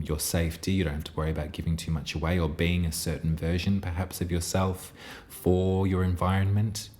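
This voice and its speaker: A man giving an intuitive tarot reading in a soft, reassuring, meandering way, pausing often and restarting his phrases. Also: extremely low pitch, slight background noise. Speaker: tarot reader.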